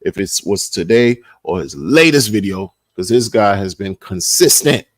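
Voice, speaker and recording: Low-voiced man rambling on a livestream. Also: animated, unhurried, no room sound, clean studio sound. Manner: rambling, repeats himself. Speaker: livestream host. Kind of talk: casual livestream chat.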